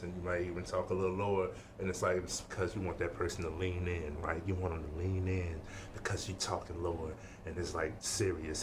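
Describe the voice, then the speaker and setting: A man's voice: deep voice, a little fast, few pauses, background noise. A man giving an informal motivational lesson, emphatic, repeating his points and checking in with the listener. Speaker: life-skills speaker.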